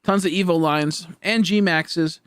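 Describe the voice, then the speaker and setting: A man's voice: a little high, a little slow, fairly bright tone, clear, resonant tone, dry recording. A young man chatting on a gaming live stream, tired and goofy, with silly joking banter. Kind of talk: casual live-stream chat.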